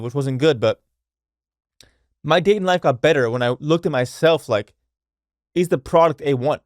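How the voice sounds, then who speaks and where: A young man holds forth on a solo podcast in a blunt, casual manner, swearing freely. His voice sits slightly high, and the sound is dry and close on the mic. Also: a little mellow, dry recording. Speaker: podcast host.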